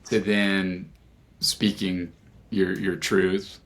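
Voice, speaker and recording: Flat, deep-voiced male podcast host. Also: very slow. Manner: reflective, searching for words. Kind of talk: casual interview talk.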